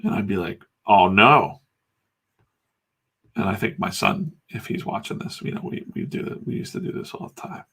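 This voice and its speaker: This middle-aged American host and comics artist rambles frankly, with some cursing, during a casual drawing session. His low, steady voice is fairly quick and breathy-edged, a bit bright with vocal fry, and he hardly pauses.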